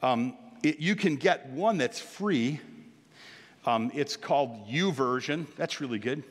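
A man's voice: mid-range voice, animated, slow, breathy edge, long reverb tail. An older man preaching as a pastor, earnest and exhorting, lifting his voice on key points. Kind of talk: sermon.

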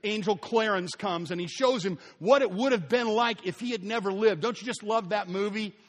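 A high-voiced man preaches a sermon in a church. He is animated, acting out the story and sometimes falling almost silent. His voice rings with long reverb through a large hall. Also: moderate pace. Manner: animated preaching, acting out scenes and dropping to a near whisper. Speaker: pastor.

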